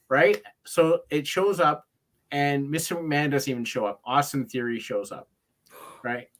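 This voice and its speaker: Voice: mid-range voice, unhurried, fairly bright tone. A co-host in a casual wrestling chat, spinning hypothetical scenarios in a chatty way.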